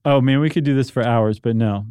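A man's voice: mid-range voice, a little fast, warm tone, clear, resonant tone, dry recording. A man co-hosting a podcast, chatting casually and wryly, trading jokes with his partner. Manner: wry, joking. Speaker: podcast co-host. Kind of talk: casual chat.

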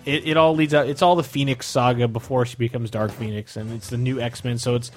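A man co-hosting a podcast in casual chat, rambling and animated, with many fillers and restarts. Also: medium pitch, a little fast, soft background music. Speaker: podcast co-host.

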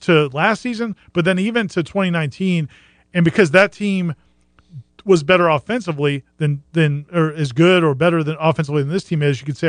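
A man co-hosting a sports talk show, explaining points in a measured way with frequent restarts. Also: a little high, no room sound. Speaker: co-host and team analyst.

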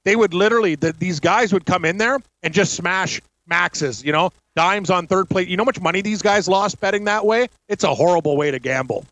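A man's voice: high-pitched, fairly quick, few pauses, a bit bright, no echo, poor audio. A man co-hosting a betting show, talking in a blunt, emphatic, casual way. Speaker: co-host. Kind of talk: casual chat.

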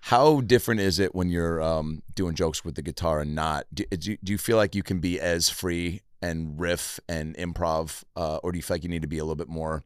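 A deep-voiced man hosts a relaxed comedy podcast, telling stories loosely and leaning on fillers. The sound is close and dry, with no room around him. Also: a little fast, few pauses, smooth, dry recording. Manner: filler-heavy, animated storytelling. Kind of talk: casual podcast chat.

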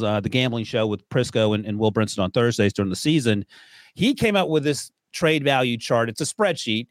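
A man hosts a sports podcast at an even middle pitch, chatty and quick to laugh at himself. His voice sits close and dry on the mic, with no room sound at all. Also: no echo. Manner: joking and laughing, walks through picks. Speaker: podcast host and draft analyst. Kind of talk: casual sports podcast chat.

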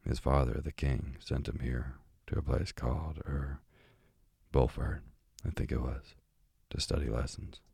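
Chatty old parrot read by a man; very low, husky, dark, dry close sound. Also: little pitch movement, a little slow, no echo, full character voice.

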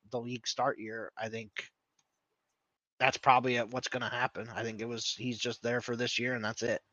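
Bright-voiced man on a dull podcast mic. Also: medium pitch, no room sound. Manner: rambling, thinks aloud with fillers. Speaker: podcast co-host. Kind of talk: casual fantasy football chat.

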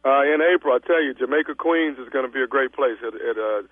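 A man making a prank phone call as a fake travel agent, stammering and feigning calm composure. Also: medium pitch, fast, no echo. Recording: tinny phone line.

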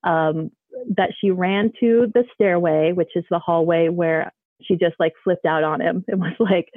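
A woman's voice: lowish voice, steady tone, moderate pace, no room sound. Lady calling in on the phone, rambly story, lots of um and like, tinny and dry. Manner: rambling with many fillers and restarts. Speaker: caller. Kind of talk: casual storytelling. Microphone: phone call.

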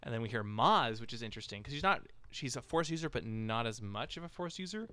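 A man's voice: medium pitch, expressive, quick pace, pushed and bright, smooth, no room sound. A man hosting a casual podcast discussion, talking in a rambling way with many fillers and restarts. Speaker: podcast host.

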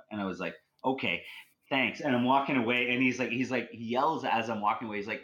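A man's voice: mid-range voice, fast talker, a bit bright, rough recording. A man casually telling a long personal story in conversation, rambling with many fillers, restarts and "you know"s.

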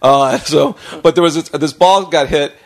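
A man's voice: on the high side, normal speed. An American man hosting a podcast, telling a rambling story in casual chat, laughing often and acting out quotes. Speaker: podcast host.

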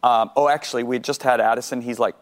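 Animated man telling his faith story. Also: mid-range voice, quick pace. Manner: repeats words when excited, acts out dialogue with God. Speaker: guest sharing his testimony.

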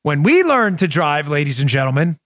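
A forceful man in his forties speaks with a Queens, New York accent. His voice sits a bit high and comes across dry and close on a studio microphone. He drives his political commentary with loud emphasis and pointed rhetorical questions. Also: very animated, moderate pace, no echo. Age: 40s. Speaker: podcast host.

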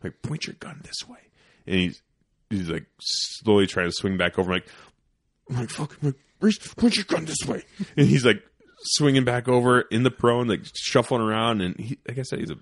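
A man hosting a podcast, telling a hunting story in casual chat, profane and animated, dropping into whispers for quoted lines. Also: mid-range voice, normal speed, no echo, clean studio sound. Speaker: podcast host.

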